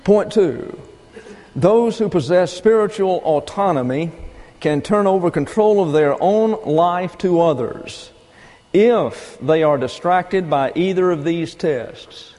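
An older man delivers a sermon in a deliberate, emphatic teaching manner. His voice sits slightly high but sounds mellow and dark. Long reverb from a large hall trails every phrase. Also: expressive. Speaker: preacher.

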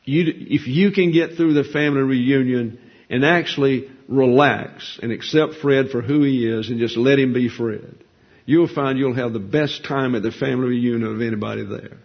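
A man delivering a sermon in a plain, folksy teaching style, often putting questions to his listeners and answering them himself. His voice is slightly husky and sits at a middle pitch. The recording sounds dull and lo-fi. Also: normal speed. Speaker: preacher.

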